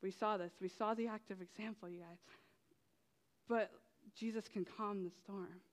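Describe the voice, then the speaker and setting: A young woman giving an animated testimony to a youth group, telling her story with many fillers and asides. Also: mid-range voice, moderate pace. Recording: long hall reverb.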